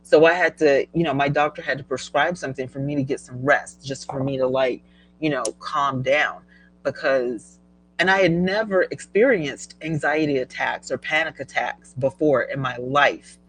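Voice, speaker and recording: A middle-aged woman hosting a casual live stream, chatty and animated, laughing often as she reads viewer comments. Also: rumbling low, moderate pace, a little hiss or hum, low-quality recording. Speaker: livestream host.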